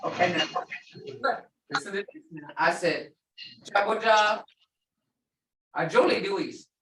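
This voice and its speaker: A woman with a medium-pitched, unhurried voice teaches a language class casually and chattily, using stories to explain and repeating words for learners. The recording has a noisy background and an echoey room, with her voice far from the mic.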